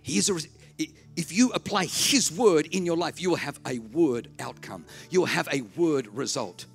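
A man preaching a sermon, telling a story and acting out the voices, swinging from hushed to shouting. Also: a little high, expressive, moderate pace, vocal fry, faint music behind.

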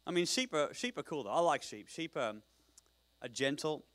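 A man's voice: on the high side, lively intonation, normal speed, a bit bright. A man from Australia with an Australian accent, preaching a sermon in a joking, conversational way, with digressions and repeated words. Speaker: pastor.

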